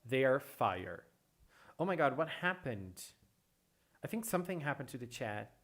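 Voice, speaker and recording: A streamer hosting a casual livestream, chatting with viewers and answering chat in an excitable way, often repeating phrases. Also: medium pitch, moderate pace. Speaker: livestream host reading chat.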